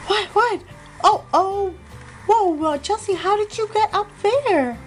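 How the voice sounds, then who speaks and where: A caring grown-up doll, voiced by a woman in a toy play video. Her voice sits high. She speaks in a soothing, motherly way. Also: slow, faint music behind. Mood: worried. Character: grown-up doll, caring big sister figure.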